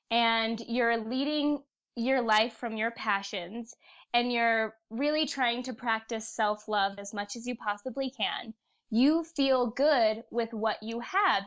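Earnest young woman guest, fairly high voice. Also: dull audio. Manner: earnest, animated storytelling. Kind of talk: casual conversational podcast.

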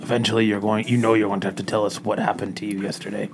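A man voicing a dragonborn cleric in a tabletop game, speaking low and gravelly. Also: level tone, rapid-fire, music in the background, close to an everyday voice. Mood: earnest.

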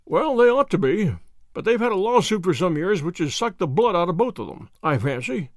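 A man's voice: high-pitched, very animated, fairly quick, dry recording, clean studio sound. Bluff hearty old colonel, as a man puts him on.

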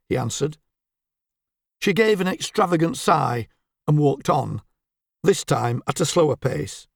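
Male narrator, gravelly, wry, lively delivery. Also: fairly high pitch, a little slow, pauses often, no room sound, studio quality. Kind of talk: storybook narration.

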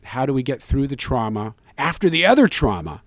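A man sits for an interview about his film and answers at length in an earnest, rambling way, often restarting his sentences. His voice is mid-pitched and heard through a close mic with no room sound. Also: big pitch swings, a little fast, dry recording. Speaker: filmmaker guest.

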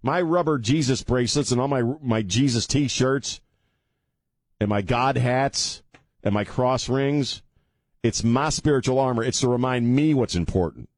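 With a mid-range voice and a slightly slow delivery, the radio host rambles, pokes fun at himself, then speaks earnestly about his faith. The studio mic and headphones give a dry, clean studio recording.

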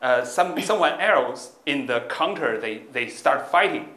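Bright-voiced man telling a halting anecdote. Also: medium pitch, lively intonation, reverberant. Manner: halting, non-native English with many fillers and restarts. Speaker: stand-up comedian guest.

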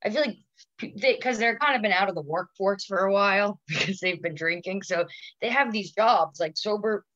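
A woman's voice: mid-range voice, moderate pace, fairly bright tone, no echo, lo-fi sound. A woman in her thirties, a comedian guest telling stories in casual podcast chat, rambling and full of "like". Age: 30s. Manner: rambling storyteller, filler-heavy "like".

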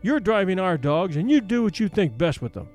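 Male reader doing a raised, lively voice for a fretful, gushing young frontier woman. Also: high voice, brisk, soft background music. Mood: pointed. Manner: plaintive, gushing, dismayed exclamations. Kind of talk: audiobook character voice.

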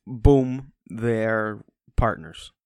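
A man casually chatting about a movie, rambling and joking, with quick silly impressions. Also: lowish voice, steady tone, darkish tone, clear, resonant tone, dry recording, studio quality. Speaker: podcast co-host. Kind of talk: casual film review chat.

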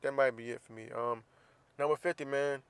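A man's voice: medium pitch, steady tone, a little fast, smooth, no echo. A man hosting a casual solo podcast, venting bluntly and profanely about college football. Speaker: podcast host.

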